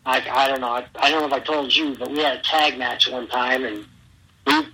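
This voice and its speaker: A man's voice: mid-range voice, a little fast, husky, low-quality recording. A middle-aged man, a former pro wrestler, telling stories as an interview guest and acting out the lines of the people he quotes. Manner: animated storyteller, acts out quotes loudly. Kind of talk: storytelling interview.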